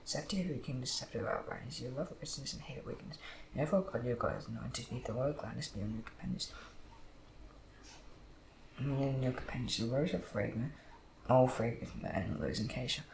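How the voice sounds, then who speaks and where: A man reads scripture aloud quickly, with a gravelly edge to his voice. The room is echoey and a steady background noise runs underneath. He stumbles and restarts now and then. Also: mid-range voice. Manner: steady reading with slips and restarts. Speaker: Bible reader.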